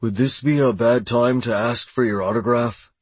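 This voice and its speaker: A sheepish, jokey middle-aged man, read by a male audiobook narrator, wry and a little embarrassed. The voice sits at an ordinary pitch with a husky grain, recorded dry and close. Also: steady tone, moderate pace, no echo, lightly acted.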